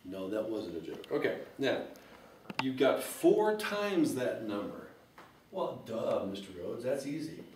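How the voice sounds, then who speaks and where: A man's voice: medium pitch, very animated, a little slow, a little mellow, distant mic. A man teaching an algebra lesson, explaining step by step with joking, folksy asides. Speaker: math teacher. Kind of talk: recorded math lesson. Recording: echoey room, voice from off-mic, faint hiss.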